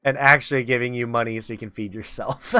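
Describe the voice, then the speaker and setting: Bright-voiced man hosting a teasing chat. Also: mid-range voice, fairly even intonation, quick pace, dry recording. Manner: teasing, laughs often. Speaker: talk show host. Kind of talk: casual chat. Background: faint background music.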